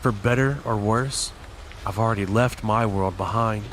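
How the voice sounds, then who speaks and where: A man reading aloud and voicing a frightened young boy who talks breathlessly, rising into shrill alarm. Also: moderate pace, a bit bright, a little hiss or hum. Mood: uneasy.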